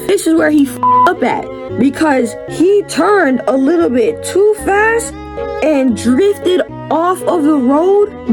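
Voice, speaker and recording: A young adult woman telling a storytime vlog story, animated, exclaiming and swearing freely. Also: high voice. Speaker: vlogger. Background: background music.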